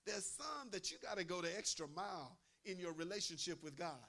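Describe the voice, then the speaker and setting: A man's voice: sits high, lively intonation, brisk, vocal fry, pushed and bright. Emphatic man preaching a sermon. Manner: emphatic, repeats phrases, asks the crowd "amen?".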